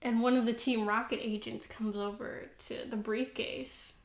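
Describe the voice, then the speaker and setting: A woman's voice: on the high side, steady tone, normal speed, roomy sound. A woman co-hosting a podcast, casually retelling a story with laughter and profanity. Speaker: podcast co-host.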